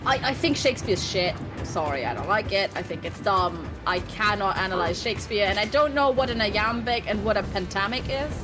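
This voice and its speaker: A woman's voice: medium pitch, animated, fairly quick, few pauses, music in the background. A woman in her twenties chatting casually on a stream, blunt and ranting, swearing freely. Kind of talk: casual chat.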